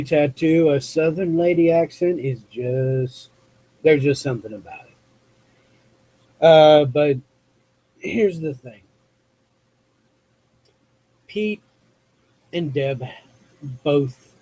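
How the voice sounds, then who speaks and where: A man from the US West Coast hosting a live call-in show, talking off the cuff in a rambling, halting way as he searches for words. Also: on the high side, darkish tone, low-quality recording. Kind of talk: unscripted monologue to chat viewers.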